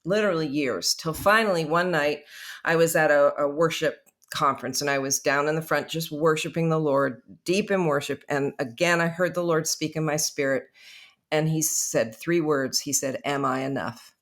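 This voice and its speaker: A woman's voice: deep voice, normal speed. Earnest older woman guest. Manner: earnest, reflective storytelling. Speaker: guest author. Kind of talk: faith podcast interview.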